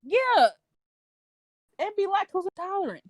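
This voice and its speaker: A woman's voice: very high-pitched, very animated, a little slow, no room sound, clean studio sound. A woman co-hosting a podcast in casual chat, joking and teasing herself, with bursts of laughter. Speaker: podcast co-host.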